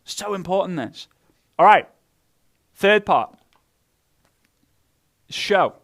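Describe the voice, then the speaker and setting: A man giving a lively motivational talk as a network marketing trainer, acting out quoted voices. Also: high voice, drawn-out words. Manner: animated, acts out quoted voices.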